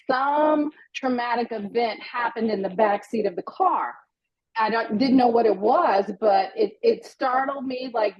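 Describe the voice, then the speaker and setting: A middle-aged woman with a fairly high voice tells a personal story in a lively, self-deprecating way. The sound is a bit dull and lo-fi. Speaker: guest storyteller. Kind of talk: casual storytelling.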